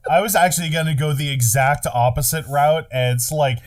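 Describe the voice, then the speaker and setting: A man in casual podcast chat who laughs easily, swears freely and acts out jokes. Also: a little high.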